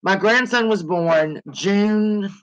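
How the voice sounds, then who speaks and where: A woman's voice: mid-range voice, slow pace, dull audio. A woman in her forties hosting a livestream in casual chat, joking and swearing freely as she rambles. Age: 40s. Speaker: livestream host.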